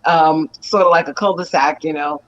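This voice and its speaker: An actress and stunt performer telling stories with animated energy and frequent laughter during an interview. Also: female voice, sits low, normal speed, highs cut off. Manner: animated, laughs often, lively storytelling. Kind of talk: excited storytelling in an interview.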